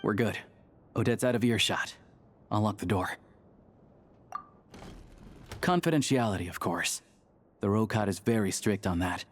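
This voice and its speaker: An actor playing a calm, friendly young man who works at a theater, in a game. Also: fairly low pitch, measured pace, long pauses, soft background music, natural voice. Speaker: game character.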